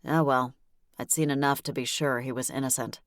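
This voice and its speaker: A woman narrating a novel in the first person, with a wry, brisk delivery. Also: very deep voice, steady tone, no echo, clean studio sound. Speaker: audiobook narrator.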